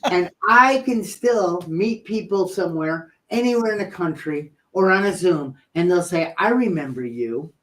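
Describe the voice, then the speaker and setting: Animated man telling a story. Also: high-pitched, moderate pace, few pauses, low-quality recording. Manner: animated, playful storyteller who acts out quotes. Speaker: podcast co-host. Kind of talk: casual storytelling chat.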